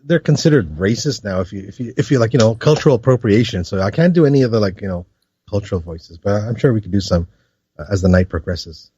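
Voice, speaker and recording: A man co-hosting a podcast in casual chat, rambling with many restarts and laughs, high. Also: lively intonation, fast talker, dark tone, breathy edge, no echo, muffled recording. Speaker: podcast co-host.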